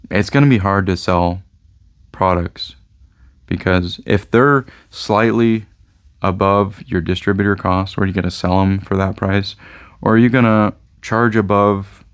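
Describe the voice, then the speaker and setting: A man with a low, smooth voice talks loosely about running his game store. His monologue wanders and keeps circling back to "I don't know" asides. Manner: rambling, often trails off with "I don't know". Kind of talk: casual rambling video monologue.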